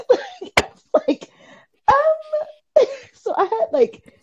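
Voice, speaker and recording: A woman in her twenties co-hosting a podcast, telling stories in an animated, giggly way. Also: high voice, a little slow, noisy background. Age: 20s. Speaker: podcast co-host. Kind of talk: casual chat.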